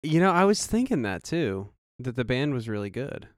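Lively-toned man chiming in on a movie chat. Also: mid-range voice, moderate pace, dry recording, studio quality. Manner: agreeable, brief remarks, lively intonation. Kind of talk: casual movie discussion.

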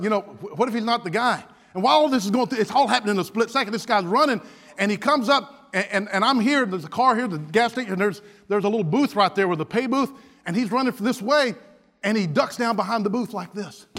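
A man delivers a sermon as a humorous story, full of quick restarts. His voice sits high and sounds bright and forceful. It carries the long reverb of a church hall. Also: expressive. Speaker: pastor. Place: church sanctuary.

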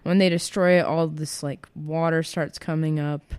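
A woman's voice: low-pitched, flat delivery, moderate pace, a little mellow, smooth, no room sound. A young woman chatting casually about books, rambling with lots of fillers and giggles.

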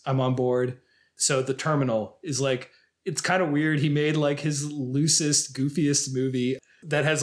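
Chatty man co-hosting a film podcast. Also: medium pitch. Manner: chatty, laughs easily, lists films. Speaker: podcast co-host. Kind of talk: casual film chat.

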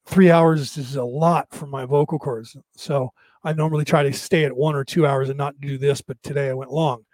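A man hosting a show, talking casually to his listeners in a halting way, with restarts and repeated words. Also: a little high, dry recording. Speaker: show host. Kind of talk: casual solo talk to listeners.

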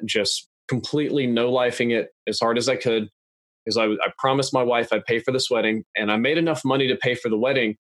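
A young adult man talking in a measured, analytical, plain-spoken way as a podcast guest. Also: medium pitch, fairly bright tone, no room sound. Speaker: guest YouTuber. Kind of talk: casual podcast interview. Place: podcast studio.

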